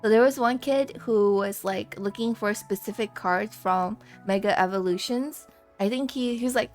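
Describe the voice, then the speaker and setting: Young female streamer, casual giggly chat, slightly high voice over soft background music. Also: normal speed. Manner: giggly, rambling, self-deprecating storytelling. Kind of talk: casual live-stream chat while drawing.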